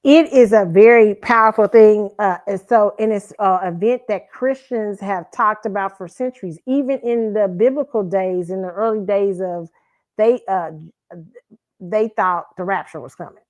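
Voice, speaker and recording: A woman's voice: mid-range voice, normal speed, dry recording. Chatty woman host, dry sound. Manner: rambling, self-correcting, chatty. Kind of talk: casual commentary and storytelling.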